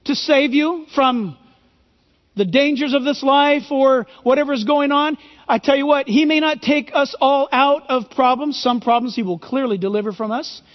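Guy preaching real high-pitched, big echoey hall, kinda muffled recording. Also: moderate pace. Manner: emphatic preaching with rhetorical questions. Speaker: pastor. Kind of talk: sermon. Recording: reverberant hall, dull lo-fi sound.

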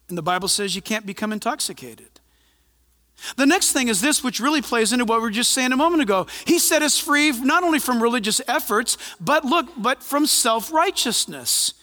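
A male pastor preaching a sermon in an animated, conversational way, with asides and humor. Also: very high-pitched, normal speed, big-room sound. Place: church.

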